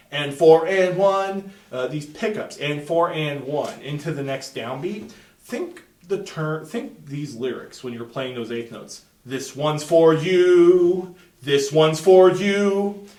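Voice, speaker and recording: A man's voice: on the high side, roomy sound, recorded from a distance. A man giving a patient music lesson, explaining phrasing and now and then chanting rhythms aloud to demonstrate. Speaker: music teacher. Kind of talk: instructional talk.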